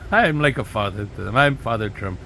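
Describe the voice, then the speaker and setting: A man's voice: mid-range voice, expressive, normal speed, vocal fry, bright, forceful tone, slight background noise, poor audio. A man putting on a mocking impression of a boastful older male politician, bragging in exaggerated repetitive phrases.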